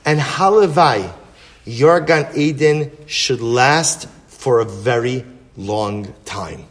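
A man, a rabbi, teaching a Torah class with animated rhetorical questions and storytelling. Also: medium pitch, unhurried.

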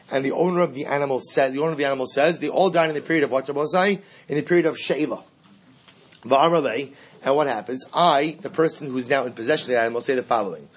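A man teaching a Talmud lesson, explaining the case in an emphatic, animated way and acting out both sides of the dispute. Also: fairly high pitch, husky. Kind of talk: Talmud lecture.

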